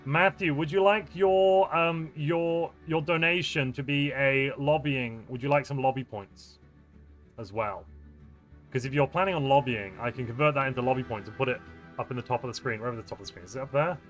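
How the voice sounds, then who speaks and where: A man's voice: medium pitch, fairly quick, fairly bright tone, faint music behind. A man live-streaming a strategy game, casually chatting and joking with viewers as he reads their messages. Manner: chatty, answers viewer chat, playful and jokey. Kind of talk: live-stream chat while gaming.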